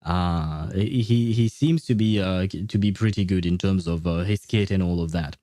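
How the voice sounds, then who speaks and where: A man's voice: deep voice, moderate pace, mellow, no echo, studio quality. A man streaming a game, chatting casually and thinking aloud with many fillers and restarts. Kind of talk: casual livestream chat.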